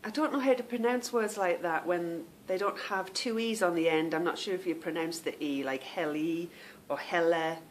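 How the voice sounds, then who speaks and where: A woman's voice: on the low side, expressive, fairly quick, few pauses, slight background noise. Chatty rambling woman podcast host. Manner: chatty and rambling, stumbles over unfamiliar names. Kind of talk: casual chat to viewers.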